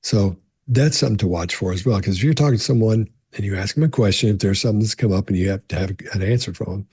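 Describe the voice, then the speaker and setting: A middle-aged man talks fast to camera in a low, slightly mellow voice with a breathy edge and no echo. Answering body-language questions, he slips into storytelling, restarting often and saying "you know" a lot.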